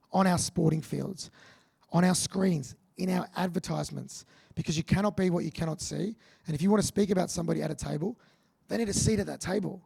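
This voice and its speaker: A man with an Australian accent giving a motivational keynote speech to a large audience, energetic and punchy, joking with the crowd. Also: a little high, creaky, slightly rough. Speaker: keynote speaker.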